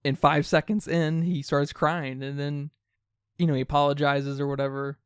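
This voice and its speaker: Guy on a podcast mic, kinda high voice, smooth and dry, talks fast in bursts. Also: level tone, no echo. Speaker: podcast co-host. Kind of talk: casual film discussion.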